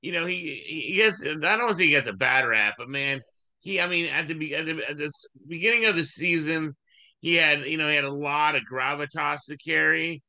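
A man's voice: on the high side, fairly quick, pushed and bright, no echo. A man co-hosting a podcast, agreeing often and talking in hesitant restarts. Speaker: podcast co-host. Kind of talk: casual recap chat.

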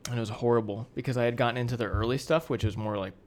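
A man's voice: medium pitch, fairly even intonation, very fast, slight background noise. A young man co-hosting a casual podcast, chatty and hedging, with lots of fillers. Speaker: podcast co-host. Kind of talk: casual chat.

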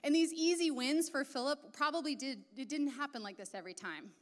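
A woman's voice: high-pitched, a little fast. A woman preaching a sermon in a casual, chatty way, full of asides. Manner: casual and chatty, many asides and filler words. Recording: long reverb of a large hall.

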